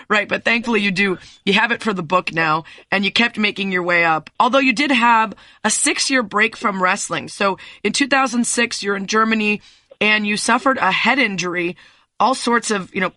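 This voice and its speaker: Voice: medium pitch, moderate pace, sharp tone, no echo, studio quality. A podcast interviewer who sums up the guest's story supportively before asking the next question. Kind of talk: conversational interview.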